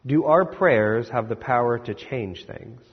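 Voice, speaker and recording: A male pastor with a mid-range, breathy-edged voice speaks a little slowly, retelling scripture in a casual storytelling style and posing rhetorical questions to his congregation. The recording has hall echo and a slightly dull quality.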